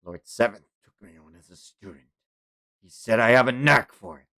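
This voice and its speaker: A man voicing a brooding young male fighter who speaks low and subdued. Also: animated, moderate pace, pushed and bright, dry recording. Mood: quiet resolve.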